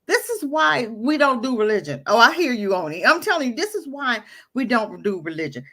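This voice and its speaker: Indignant woman commenting on a talk show. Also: a little high. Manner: animated, indignant, emphatic. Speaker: co-host of an online talk radio show. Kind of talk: casual opinion talk, commenting on a played clip.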